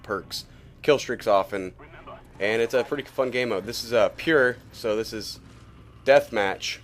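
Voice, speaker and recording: A young man giving casual, profane gameplay commentary, rambling and laughing at his own stories while coughing as he recovers from being sick. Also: on the low side. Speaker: gaming YouTuber.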